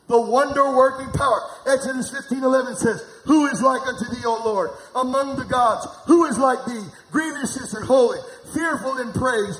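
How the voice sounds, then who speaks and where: High-voiced fervent male preacher. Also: moderate pace, hardly any pauses, echoey room, soft background music, low-quality recording. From Missouri. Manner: fervent, rhythmic call-and-response preaching that swells to shouts. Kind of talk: sermon.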